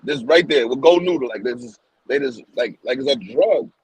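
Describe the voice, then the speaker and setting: Husky, gravelly man ranting emphatically. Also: mid-range voice, expressive, moderate pace, dry recording, poor audio. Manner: emphatic and opinionated, repeats himself, stumbles over words. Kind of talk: casual podcast chat.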